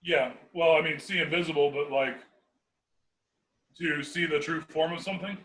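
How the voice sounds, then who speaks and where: A man at a game table, casually sorting out details. He speaks in a matter-of-fact way with a slightly high voice. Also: fairly even intonation, moderate pace, a bit bright, poor audio. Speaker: player.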